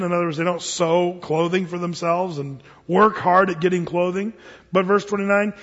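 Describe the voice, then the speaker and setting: A man preaching a sermon, mixing slow scripture readings with folksy, joking stories. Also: high voice. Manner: storytelling, folksy and joking, reads scripture slowly. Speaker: pastor. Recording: dull lo-fi sound with long hall reverb.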